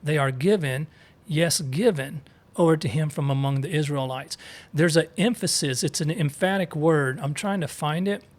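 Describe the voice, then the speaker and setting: A man's voice: on the high side, moderate pace. A man co-hosting a casual Bible study, reading verses aloud and explaining Hebrew words with chatty asides. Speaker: co-host teaching scripture.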